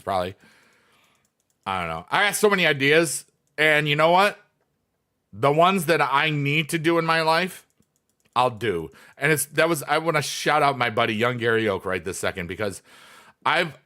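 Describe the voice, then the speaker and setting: Brief: bright-toned male streamer, chatty, wandering, full of ums. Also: medium pitch. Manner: rambling, many fillers, reads chat aloud. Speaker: livestreamer, former teacher. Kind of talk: casual livestream chat.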